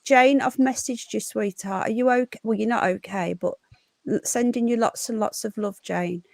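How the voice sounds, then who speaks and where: Lady streaming live, higher voice, chatty and warm to her chat, dry mic. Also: moderate pace, creaky, dry recording. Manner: chatty, affectionate, greets viewers one by one.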